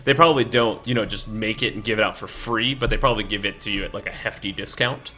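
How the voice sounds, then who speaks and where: Bright-voiced, rambling game master. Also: male voice, fairly low pitch, quick pace. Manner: rambling, filler-heavy, swears casually. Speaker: dungeon master. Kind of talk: casual tabletop game narration. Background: faint game soundtrack.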